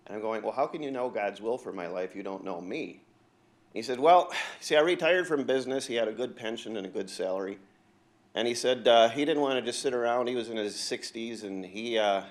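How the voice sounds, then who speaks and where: A man in his forties, a clergyman giving an invocation at a county board meeting, telling a personal story in an unhurried way with frequent filler pauses. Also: mid-range voice. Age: 40s.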